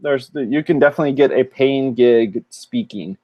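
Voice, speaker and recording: A middle-aged man from California co-hosting a casual chat over a video call, animated and laughing often. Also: medium pitch, moderate pace, no room sound. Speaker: co-host.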